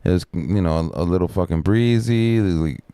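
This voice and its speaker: A middle-aged man rambling through a profane story on a casual live stream, with lots of fillers and a sharply higher voice when he quotes other people. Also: fairly quick, warm tone, smooth, no room sound. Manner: raises pitch sharply when quoting others.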